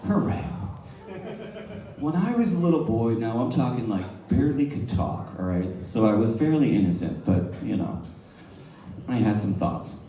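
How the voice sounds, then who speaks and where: A man's voice: mid-range voice, expressive, normal speed, warm tone. A man telling a comic story on stage, laughing through his own punchlines. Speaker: stand-up comedian. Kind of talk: stand-up comedy storytelling. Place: live comedy venue. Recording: echoey room, heard from a distance.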